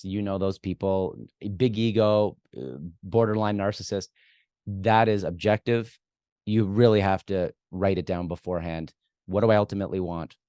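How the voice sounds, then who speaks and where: A man with a lowish voice speaks as a guest expert in a conversational interview. He is direct and emphatic, sometimes acting out the words he recommends saying. The sound is close and dry, with no room around it. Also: a little mellow, dry recording. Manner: direct, emphatic, acts out what to say. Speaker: guest expert on workplace conflict.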